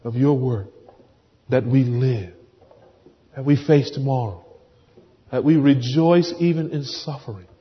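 A man preaching a sermon with fervent, swelling delivery that drops to hushed pleading and prayer. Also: mid-range voice. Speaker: pastor. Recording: dull sound with long hall reverb.

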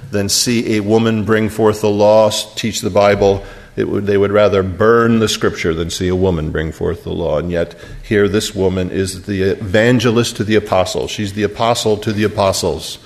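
Guy preaching a sermon, storytelling, goes quiet then loud and high. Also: little pitch movement, moderate pace, few pauses. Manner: storytelling, wide swings from hushed to emphatic.

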